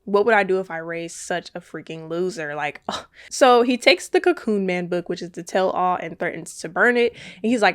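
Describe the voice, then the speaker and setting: A woman in her twenties giving a chatty, animated film recap, full of asides and "like.". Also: on the low side, moderate pace, clear, resonant tone. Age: 20s. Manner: animated, chatty retelling with lots of "like". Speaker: movie recap YouTuber. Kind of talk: casual movie recap.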